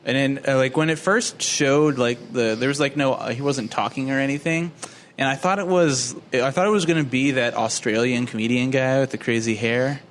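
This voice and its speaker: A man of ordinary pitch retells a movie plot to friends on a casual podcast. He rambles, laughs often and swears freely as he acts out the characters' lines. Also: normal speed, a little hiss or hum. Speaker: podcast co-host. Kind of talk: casual movie recap chat.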